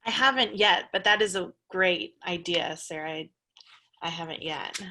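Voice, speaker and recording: A woman's voice: on the low side, moderate pace, bright, forceful tone, a little hiss or hum. A woman in a coaching group on a video call, hesitant and searching for her words. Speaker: participant in a coaching session.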